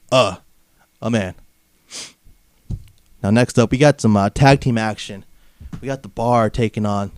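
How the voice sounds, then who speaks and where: A brash, mocking man from Southern California hosts a comedic wrestling podcast, padding his rants with filler phrases. His voice is fairly low-pitched, slightly mellow, clear and resonant. The studio-quality audio has no room sound.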